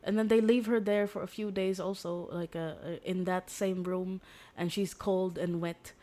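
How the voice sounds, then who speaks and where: Rambling young woman streamer, lowish voice. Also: flat delivery, normal speed, warm tone. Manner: rambling, full of "like" fillers and restarts. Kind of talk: casual storytelling recap of a book.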